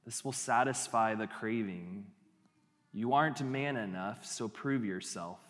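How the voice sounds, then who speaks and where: A man voicing a sly male tempter that speaks in a hushed, slow, wheedling way, with a long hall echo. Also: fairly low pitch, voice pushed down.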